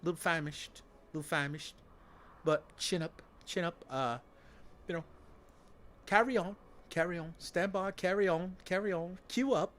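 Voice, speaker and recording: A man's voice: high voice, a little slow, long pauses, pitched above the performer's own voice. A man putting on a fussy, overly polite British character in a mocking voice, stammering as he complains about being a bit famished. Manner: mock-British, stammering, then exploding into a shout.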